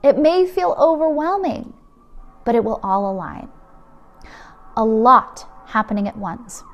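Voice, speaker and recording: A woman giving a channeled energy forecast, gushing and emphatic, acting out listeners' excited inner thoughts. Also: fairly high pitch, a little slow. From Canada. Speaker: spiritual energy reader.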